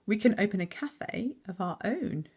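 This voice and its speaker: A woman voicing a cheerful storybook father with a bright idea, eager and excited, in a story read aloud. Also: mid-range voice, moderate pace, husky.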